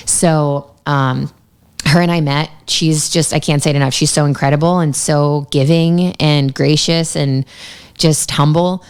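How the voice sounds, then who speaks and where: A woman's voice: sits low, steady tone, normal speed, clean tone. A young woman telling stories in a chatty way, with lots of fillers, as a guest in a podcast studio. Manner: chatty storytelling, many fillers. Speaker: yoga teacher and guest. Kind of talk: casual podcast interview.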